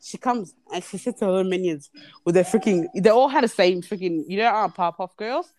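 A woman's voice: mid-range voice, fairly quick, darkish tone, slight background noise. A young woman guest chatting on a podcast, telling a story animatedly and swearing freely. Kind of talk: casual chat, storytelling.

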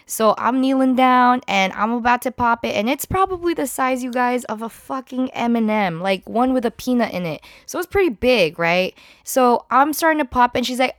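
Crude, animated woman storyteller. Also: fairly high pitch, normal speed, no room sound, studio quality. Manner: crude, animated, swears freely. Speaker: podcast host. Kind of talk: comic storytelling monologue.

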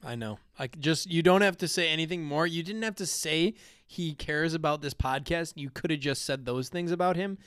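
Podcast co-host, male, emphatic and excitable, smooth voice, close dry sound. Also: a little high, fairly quick, few pauses, no echo. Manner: emphatic, excitable, swears casually. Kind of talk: casual sports podcast banter.

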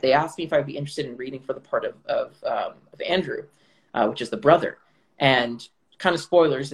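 A man's voice: mid-range voice, low-quality recording. A young man from Canada, an actor, talking reflectively in a casual chat with many fillers and restarts. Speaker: actor guest. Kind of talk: casual video-call chat.

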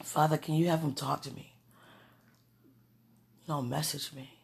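A woman's voice: low-pitched, little pitch movement, unhurried, creaky. A woman vlogging in a casual, gushing way, praying aloud and laughing between breathless exclamations. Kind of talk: casual talk to camera and prayer.

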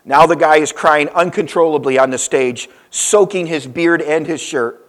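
A male pastor preaching a sermon, telling a story and swinging between loud emphasis and soft, low asides. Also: normal speed.

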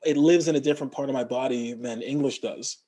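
A man from Montreal, an actor and guest in a casual interview, telling stories in an animated way and mimicking other people's voices. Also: mid-range voice, fast. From Montreal, Canada.

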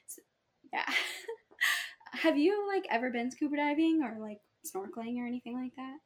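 Young woman with a slightly high voice. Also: lively intonation, moderate pace. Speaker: podcast co-host. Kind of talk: casual chat.

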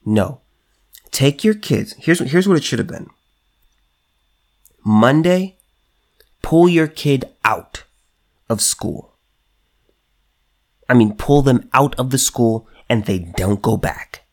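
A man's voice: medium pitch, animated, slow, long pauses. A man hosting a solo commentary show, talking emphatically, repeating himself and restarting, and reading news items aloud.

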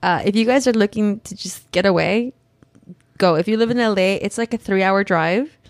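A woman in her thirties telling a story in casual podcast chat, animated and laughing, full of "like". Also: medium pitch, moderate pace, no echo. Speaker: podcast co-host.

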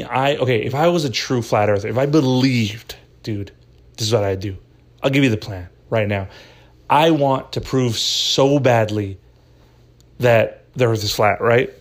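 A man's voice: medium pitch, normal speed. Rambling, profane man telling a story. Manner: rambling, profane, animated storytelling with many fillers. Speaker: podcast host. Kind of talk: casual storytelling chat.

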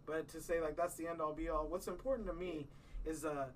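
A man's voice: on the high side, steady tone, fairly quick, far from the mic, slight background noise, poor audio. A man in his thirties hosting a podcast, chatting casually in a rambling way and telling stories. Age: 30s. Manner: rambling, restarts often, tells stories. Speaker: podcast host. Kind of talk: casual chat.

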